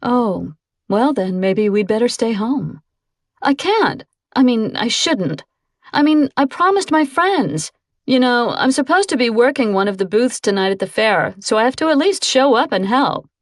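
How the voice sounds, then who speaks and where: A woman's voice: on the high side, expressive, unhurried, no echo, studio quality. Woman voicing a bored, snippy teen girl. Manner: whiny, exasperated, impatient.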